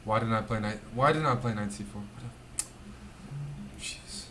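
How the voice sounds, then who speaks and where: A man's voice: on the low side, quick pace, slight background noise. A man thinking aloud as he plays chess, musing and self-critical. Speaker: chess player. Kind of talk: thinking aloud while playing.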